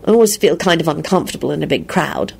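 A woman's voice: low-pitched, expressive, fast talker, creaky, darkish tone, husky, full character voice. A woman doing a shy, prim young woman.

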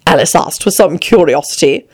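A woman reading a children's storybook aloud, expressive and voicing every character herself. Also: sits low, a little fast, husky. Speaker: narrator.

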